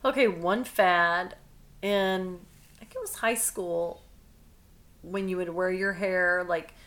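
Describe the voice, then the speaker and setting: A woman co-hosting a podcast in casual chat, reacting quickly and asking friendly questions. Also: on the low side, a bit bright. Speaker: podcast co-host.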